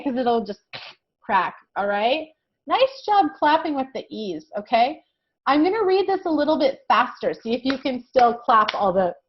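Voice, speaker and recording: A woman teaching a kindergarten lesson, slow and encouraging, often checking in with "okay?". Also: a little high, dull audio. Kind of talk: recorded classroom lesson for young children.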